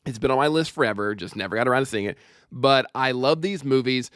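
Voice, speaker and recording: Dude in his 30s cracking jokes on a podcast call, swears a bit, real clean smooth voice. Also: medium pitch, fairly bright tone, no echo, studio quality. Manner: jokey, sweary, quick asides. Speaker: podcast guest, stand-up comedian. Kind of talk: casual podcast chat. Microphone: remote call microphone.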